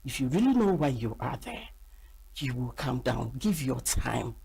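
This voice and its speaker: A middle-aged Nigerian woman, an actress, chatting in an interview and telling animated stories with acted-out quotes. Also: a bass voice, measured pace, gravelly, slight background noise. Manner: animated storyteller acting out quoted voices. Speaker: actress and guest. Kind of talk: casual interview chat.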